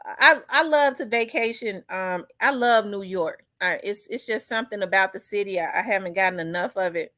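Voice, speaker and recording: A woman's voice: medium pitch, moderate pace, hardly any pauses, sharp tone, no room sound. A middle-aged woman with a Southern US accent, hosting a casual commentary chat, talking loosely with many fillers and restarts and answering viewer comments. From Memphis, US South. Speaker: host.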